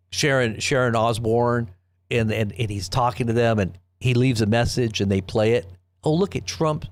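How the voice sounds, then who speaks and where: A middle-aged man hosting a live online news commentary show, talking in a sarcastic, rambling way and reading quotes aloud with mocking emphasis. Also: medium pitch.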